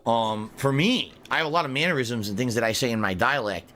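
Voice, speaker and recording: A man's voice: medium pitch, a little fast, fairly bright tone. A man in a played clip, rambling and emphatic as he defends his way of speaking. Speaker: online streamer in played clip. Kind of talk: defensive explanation.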